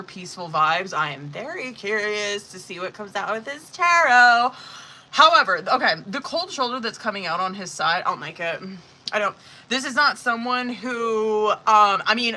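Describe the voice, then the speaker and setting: A woman hosting a live tarot reading. Her voice is very bright and sharp at a middle pitch. She talks in a loose, rambling way, full of fillers and swearing, with emphatic, exasperated asides. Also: poor audio. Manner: casual, profane, rambling with many fillers. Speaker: tarot reader.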